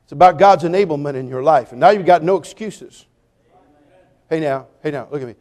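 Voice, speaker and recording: A man preaching a sermon, telling jokey stories with lively swings between loud punchlines and quiet, earnest appeals. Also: a little high, brisk. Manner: animated, joking storytelling with sudden drops to quiet appeals.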